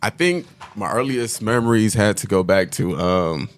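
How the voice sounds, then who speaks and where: A man co-hosting a casual podcast, speaking in a relaxed, reflective, slightly halting way. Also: lowish voice. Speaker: podcast co-host.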